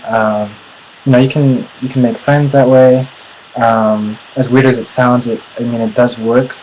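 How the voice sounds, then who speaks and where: Nervous, flat-voiced American man. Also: medium pitch, slight background noise. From United States. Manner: nervous, halting delivery. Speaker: vlogger. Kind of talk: casual talk to camera. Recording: dull lo-fi home recording.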